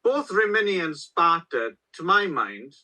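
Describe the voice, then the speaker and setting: A man co-hosting a film podcast, talking in animated runs full of "like" and "right?". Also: on the high side, a little slow, poor audio. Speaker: podcast co-host. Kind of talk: casual chat.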